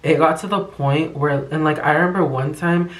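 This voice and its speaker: A man's voice: a little high, fairly even intonation, moderate pace, a bit bright. A young man telling a rambling, slang-filled, profane story in a casual vlog. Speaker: vlogger. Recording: echoey room.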